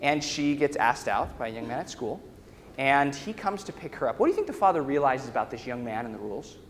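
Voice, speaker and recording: A man's voice: medium pitch, sing-song, a little fast, slight background noise. A man, a workshop trainer, telling a story to a live audience in a large lecture hall and often checking in with his listeners. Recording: echoey hall with faint ambience.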